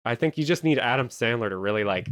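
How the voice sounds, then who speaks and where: A man hosting a comedy podcast, telling an improvised movie pitch with lots of energy and silly voices. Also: quick pace, no room sound, clean studio sound. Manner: animated storytelling with silly voices.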